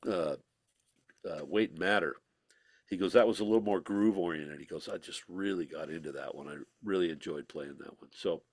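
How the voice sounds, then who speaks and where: A man telling stories as a guest in an interview, animated and laughing, slipping into voices when he quotes people. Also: sits low, moderate pace, dry recording, clean studio sound. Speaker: musician guest. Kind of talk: casual storytelling interview.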